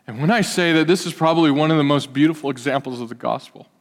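A male pastor with a fairly high voice preaches in a chatty, lively way, tossing questions at his listeners. His voice rings with a long hall reverb. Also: fast talker. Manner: lively, asks the audience questions, acts out quotes. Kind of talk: conversational sermon.

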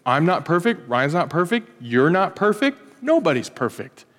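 Male preacher, casual and playful delivery, higher voice, echoey church hall. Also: sing-song, moderate pace, a bit bright. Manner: conversational, joking, acts out little scenes. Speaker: pastor. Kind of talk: sermon.

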